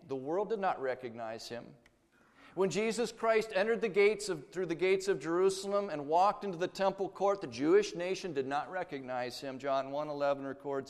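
A man preaching a sermon, emphatic, swinging between loud declarations and hushed asides. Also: fairly high pitch. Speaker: pastor. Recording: long hall reverb.

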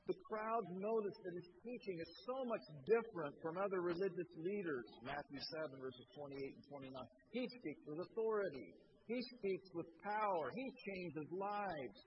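Guy preaching a sermon, kinda high voice, gets loud and emphatic, dull muffled recording with noise behind. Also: normal speed. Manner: emphatic preaching, rising loud on key points. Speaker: pastor. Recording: dull lo-fi sound with clear background noise.

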